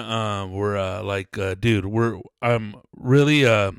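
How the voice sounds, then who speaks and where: A man's voice: on the low side, steady tone, slow pace, few pauses, clear, resonant tone, no room sound. A man hosting a casual solo podcast, rambling and playful, often restarting and correcting himself, close on a directional vocal mic. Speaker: podcast host. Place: small home studio.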